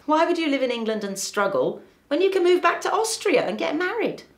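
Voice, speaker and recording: An actress playing a blunt, tactless woman therapist who talks in a sing-song way with abrupt jumps in pitch, in a sitcom. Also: big pitch swings, a little fast, roomy sound. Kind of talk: sitcom acting.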